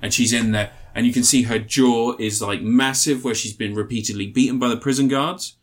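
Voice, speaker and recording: A man co-hosting a casual film review podcast, talking with animation, swearing freely and acting out scenes in quick put-on voices. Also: mid-range voice, fairly even intonation. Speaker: podcast co-host.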